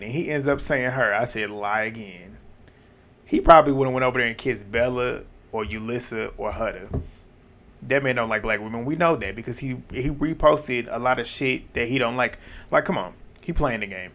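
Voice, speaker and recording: Host, male, mid pitch, casual chatty recap with frequent laughs. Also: fairly bright tone. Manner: chatty, laughs often, drops quick asides.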